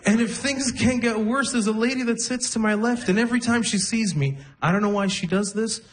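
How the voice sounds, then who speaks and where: A young man doing a stand-up set, telling wry, self-deprecating stories and slipping into quick character voices. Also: sits high. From Arab region. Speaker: stand-up comedian. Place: comedy stage with a laughing audience.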